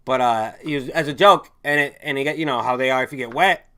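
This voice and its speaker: A man's voice: medium pitch, quick pace, a bit bright, clean tone. A man hosting a casual stream, rambling and swearing as he reads viewer chat and drifts between stories. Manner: rambling, profane, trails off and restarts mid-thought.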